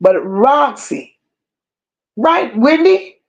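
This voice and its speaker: Woman host, mid-pitched, slow deliberate pacing, emphatic and contemptuous live commentary. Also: expressive, darkish tone, muffled recording. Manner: slow, emphatic and scornful, with drawn-out insults; reads viewer comments aloud. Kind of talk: unscripted livestream rant.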